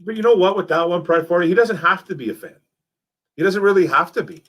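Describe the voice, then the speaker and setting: A young man hosting a casual live stream, reading chat messages and talking football in a lively, repetitive way, calling people man and bro. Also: sits high, fast. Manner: animated, repeats himself, calls people man and bro.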